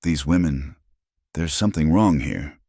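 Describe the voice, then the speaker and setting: A man reading a Western story voicing a stern, quiet frontier husband and father. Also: rumbling low, unhurried, breathy edge, no echo, clean studio sound, heavily acted. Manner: quiet, firm.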